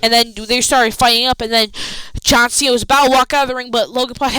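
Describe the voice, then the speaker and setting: A woman casually recapping a wrestling show, rambling excitedly with slangy asides. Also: on the high side, fast talker, smooth, no room sound, low-quality recording.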